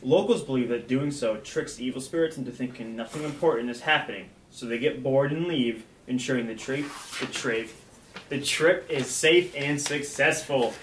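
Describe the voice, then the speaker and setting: A man's voice: mid-range voice, moderate pace. Chill young guy reading trivia off a card, echoey room, slight background hiss. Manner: laid-back, laughs easily. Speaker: snack review co-host. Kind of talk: casual chat reading trivia. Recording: echoey room, mic at a distance.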